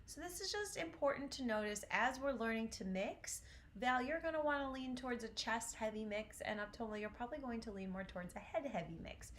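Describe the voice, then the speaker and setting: A woman's voice: fairly high pitch, lively intonation, a little fast, a bit bright, a little hiss or hum. A woman vocal coach from Upstate New York with its accent, teaching a live online singing lesson in a chatty, encouraging way and often checking in with "okay?". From Syracuse, New York.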